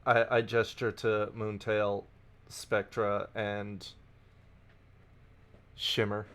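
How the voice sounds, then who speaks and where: A man playing a tabletop game, describing his character's actions in a halting, hesitant way. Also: on the low side, level tone, a bit bright. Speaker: player. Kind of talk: casual tabletop narration.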